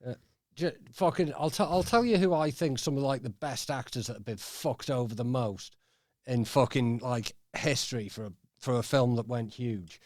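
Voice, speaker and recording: A man's voice: mid-range voice, normal speed, darkish tone, no echo. A man hosting a podcast in a studio, chatting casually with a rambling, sweary delivery full of fillers. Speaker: podcast host. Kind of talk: casual chat.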